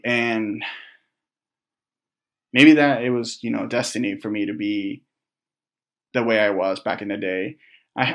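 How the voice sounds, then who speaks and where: A young man talks straight to his viewers, voice sitting at an ordinary middle pitch. He speaks haltingly and reflectively, restarting sentences and leaning on fillers, with some casual swearing. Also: fairly bright tone. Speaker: vlogger. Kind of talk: candid personal storytelling to camera.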